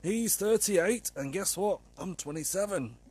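A breathless young man gushes through his letter in a strained, high voice, as a man puts him on. The put-on pitch sits well above an ordinary speaking voice. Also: animated, a little slow, darkish tone, slightly rough, heavily acted. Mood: gushing. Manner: reads a letter aloud in a put-on voice. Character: young male letter writer, breathless and gushing.

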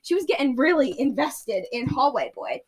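Teen girl, high voice, giggly solo podcast host, loose gushing chat. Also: very animated, normal speed, husky. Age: teens. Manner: giggly, gushing, laughs at her own jokes.

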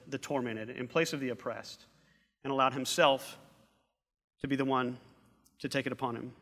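A man's voice: medium pitch, pushed and bright. A middle-aged man preaching a sermon as pastor, earnest, repeating phrases for emphasis. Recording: long reverb of a large hall.

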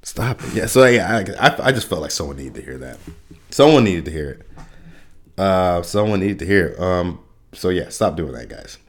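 A man's voice: deep voice, very animated, moderate pace. A man hosting a podcast alone, rambling through a casual rant with lots of fillers, restarts and little laughs at himself. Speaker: podcast host.

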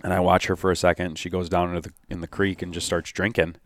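Deep-voiced man telling a hunting story. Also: quick pace, no echo. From Michigan. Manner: excited narration with quoted dialogue. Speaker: hunting podcast host. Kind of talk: casual storytelling chat.

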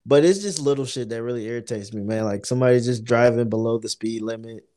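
A man's voice: medium pitch, fast talker, warm tone. A man co-hosting a podcast, telling stories in loose, profane casual chat. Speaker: podcast co-host.

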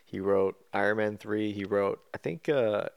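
A young man co-hosting a casual film podcast, animated and joking. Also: on the low side, measured pace, gravelly, clean tone, no room sound, dull audio. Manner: animated, trades jokes and impressions. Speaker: podcast co-host. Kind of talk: casual chat about films.

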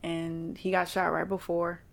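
A woman in casual conversation, telling stories in a lively, chatty way and acting out the voices of the people she quotes. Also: fairly low pitch, unhurried, creaky. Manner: chatty, animated storytelling with quoted dialogue. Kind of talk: casual chat.

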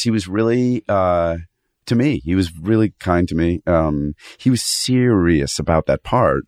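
A man's voice: sits low, dry recording, clean studio sound. A man in his forties, a guest actor, chatting casually on a podcast, rambling and cutting himself off mid-thought, swearing freely.

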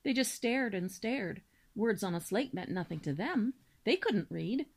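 A woman reading a children's novel aloud in a steady storybook manner, with small slips now and then. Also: mid-range voice, a little slow. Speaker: reader.

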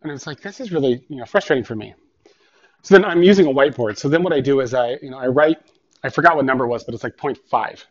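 A man's voice: medium pitch, lively intonation, quick pace. A man who works as a tutor and teacher, telling a personal story in an earnest, rambling way and often repeating and restarting phrases. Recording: dull, muffled lo-fi sound.

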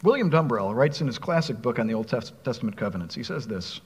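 A man's voice: mid-range voice, quick pace, few pauses, slightly rough, big-room sound. A man preaching a sermon, reading scripture aloud and putting questions to his listeners. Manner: expressive preaching, reads scripture aloud, asks the congregation questions. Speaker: pastor.

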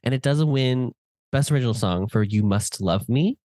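A man chatting as co-host of a film podcast, teasing his friends with wry asides. His voice sits at a middling pitch, and the sound is close and dry with no room to it. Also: normal speed, warm tone, no echo. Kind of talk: casual chat.

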